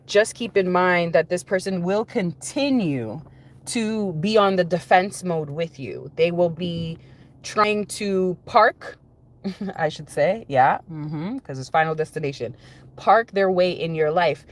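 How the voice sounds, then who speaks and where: Woman, spiritual reader, low-pitched, casual rambling monologue, repetitive emphasis. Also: takes it slowly. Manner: rambling, conversational, repeats phrases for emphasis.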